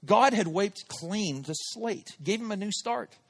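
Animated male pastor telling a story. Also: high voice, a little slow. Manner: animated, acts out his own inner thoughts. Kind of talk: sermon with personal storytelling. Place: church service held in a theater.

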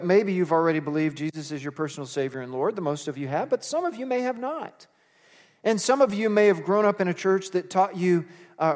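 A man preaching a sermon in a church, earnest and emphatic, building to strong peaks and then dropping quietly at the ends of phrases. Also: sits high. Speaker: pastor. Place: church sanctuary. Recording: hall reverb.

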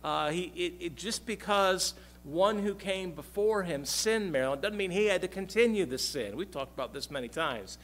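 Halting preacher, fairly high voice. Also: male voice, animated, a bit bright. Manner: halting, many "uh" fillers and repeated words; calls on congregation members by name. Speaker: pastor. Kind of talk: bible study teaching.

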